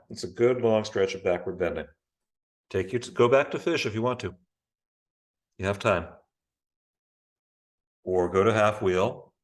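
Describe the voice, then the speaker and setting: A man with a fairly low voice leads a yoga class over a video call. He gives slow, calm cues about breath and posture, speaking in an unhurried, encouraging way. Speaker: yoga teacher. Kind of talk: guiding a live online yoga class.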